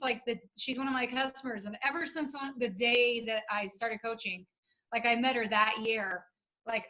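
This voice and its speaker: A woman guest on a casual team video call gushes with excitement. Her voice sits high and sounds bright and forceful. She keeps acting out what she said and thought. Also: low-quality recording. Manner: gushing, excited, quotes herself.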